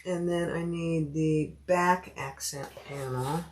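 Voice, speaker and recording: A woman with a low, steady voice speaks slowly over heavy noise. She's hosting a sewing livestream, cutting out fabric pieces while chatting casually, thinking aloud, and greeting viewers by name.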